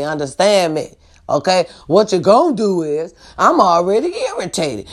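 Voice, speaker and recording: Her voice low-set, expressive, and a little fast, a woman vlogger delivers a casual, profane rant to viewers. She's blunt and keeps asking the audience whether they understand and agree.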